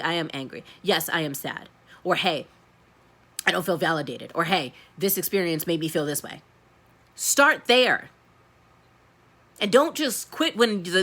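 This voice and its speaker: A woman's voice: high voice, pushed and bright. A woman tarot reader giving a blunt, profane and emphatic pep talk in a casual style.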